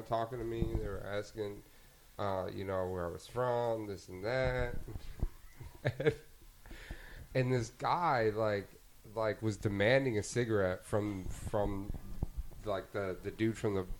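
A man's voice: lowish voice, slight background noise, poor audio. A man from Argentina, a bartender guest on a podcast, telling a story in a loose, rambling way, full of fillers and swearing. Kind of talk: casual storytelling.

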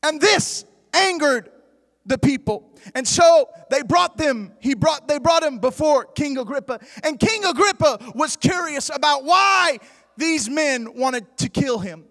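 A man preaching a sermon with impassioned, shouting delivery, swinging between loud bursts and quiet, low stretches. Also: animated, measured pace. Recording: long hall reverb.

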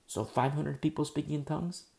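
Gravelly, dark-voiced male preacher. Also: a little high, steady tone, a little fast. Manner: preachy, rising to emphatic rhetorical questions. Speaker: pastor. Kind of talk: sermon.

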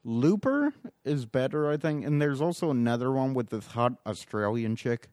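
Laughing, animated man hosting a podcast. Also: mid-range voice, moderate pace, dry recording, clean studio sound. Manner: laughs often, loose and profane. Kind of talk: casual chat.

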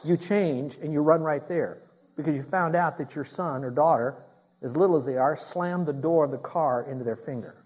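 A middle-aged man preaching with a voice pitched a little high. He presses his points hard, repeats key phrases and keeps turning questions on his listeners. He sounds like a pastor leading his congregation through a sermon. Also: normal speed, a little mellow, breathy edge, rough recording.

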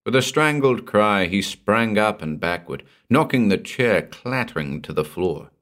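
Male audiobook narrator: deep, low voice, lively pitch, dramatic horror storytelling.

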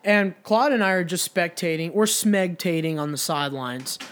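On a podcast, a young male co-host spins a lengthy, foul-mouthed bar anecdote, doing voices for the people he quotes. His voice sits high and a bit bright, expressive and at a normal pace, and the telling is casual and meandering.

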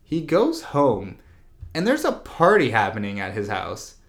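A man's voice: mid-range voice, wildly swooping pitch, a little slow, a bit bright. A man in casual chat, retelling a movie plot in a rambling way, full of "like" and "blah, blah.". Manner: rambling, heavy use of "like" and "blah, blah".

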